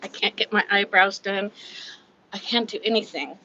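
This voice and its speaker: A woman's voice: mid-range voice, moderate pace, sharp tone, dull audio. Breathless fifties woman chatting on a livestream. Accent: Californian. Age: 50s. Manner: candid, chatty, laughs often, reads comments aloud. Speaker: livestream host. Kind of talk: casual live chat. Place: at home.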